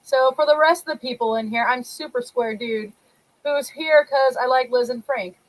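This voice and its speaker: High-voiced woman co-host chatting. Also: normal speed, poor audio. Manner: chatty, reading out viewer comments. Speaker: podcast co-host. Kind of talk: casual chat.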